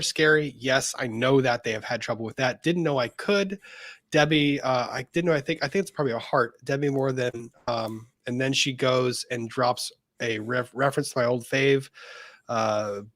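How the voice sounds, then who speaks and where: A man's voice: mid-range voice, fairly bright tone, no echo. Casual co-host, male, dry close mic, reads chats and laughs easily. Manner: laughs often, reads viewer comments aloud. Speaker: co-host reading super chats. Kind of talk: casual livestream chat.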